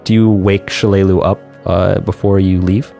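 A man's voice: low-pitched, level tone, moderate pace, gravelly, mellow, faint music behind. A man running a tabletop game, narrating scenes and bantering casually with players. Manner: laid-back, slangy banter with narration. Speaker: game master.

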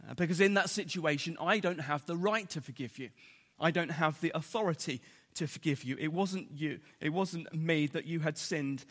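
A man's voice: fairly high pitch, normal speed, a bit bright, big-room sound. A man preaching a sermon earnestly, repeating key words for emphasis, with frequent fillers and restarts.

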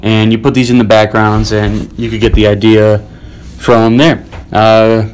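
A man's voice: fairly low pitch, lively intonation, slow pace, long pauses, slight background noise. A man hosting a casual homemade podcast at home, talking hesitantly with lots of ums. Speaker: podcast host.

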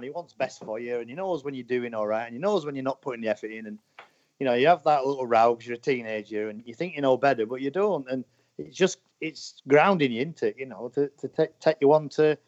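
With a mid-range, darkish voice, a man in his forties who races motorcycles talks casually, wandering off topic and filling his speech with "you know." The audio is dull, lo-fi, and dry, with no echo.

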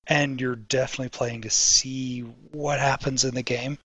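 A man's voice: mid-range voice, flat delivery, moderate pace, sharp tone, no room sound. A man co-hosting a podcast, explaining things at length in eager, casual chat. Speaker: podcast co-host.

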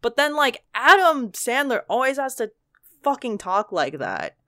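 A woman's voice: on the high side, sing-song, unhurried, bright, forceful tone, dry recording. A woman chatting casually on a podcast, blunt and swearing often, with plenty of fillers.

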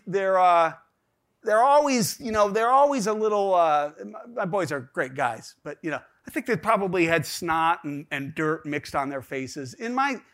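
A middle-aged man telling a personal story to an audience, rambling and animated, with many fillers and restarts. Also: on the high side. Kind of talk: storytelling talk.

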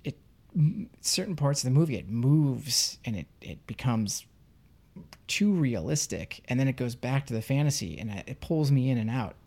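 A man's voice: medium pitch, expressive, normal speed, creaky, darkish tone. A man talking casually about a film, rambling and searching for his words.

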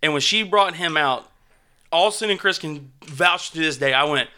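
A man recounts a mishap to his friends in loose, animated chat, swearing and leaning hard on "like". His voice sits somewhat high with a bright, forward edge. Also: moderate pace, smooth. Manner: animated, swearing, heavy use of "like". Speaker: storyteller among friends. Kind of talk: casual podcast chat.

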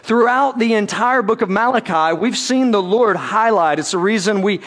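A man preaching a sermon to his congregation, emphatic, slowing down and dropping low on key words, with touches of light humor. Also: lively intonation, fairly bright tone. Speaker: pastor.

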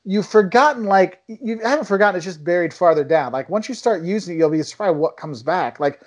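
Young male podcast guest with a higher voice, lively and chatty, jumps into voices for quotes. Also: a little fast. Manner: animated storyteller, acts out quotes with big pitch jumps. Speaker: travel video maker, podcast guest. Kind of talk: casual chat.

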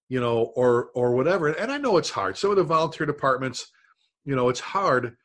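A man's voice: mid-range voice, a bit bright, slightly rough. A middle-aged man, a firefighter and instructor, telling a story in casual chat, acting out voices and saw noises.

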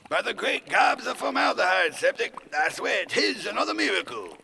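An actor playing a bewildered modern man stuck in a dream as a groveling servant, who booms flowery praise and mutters confused asides. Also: very animated, normal speed, creaky, pushed and bright, full character voice. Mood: baffled. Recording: noisy recording.

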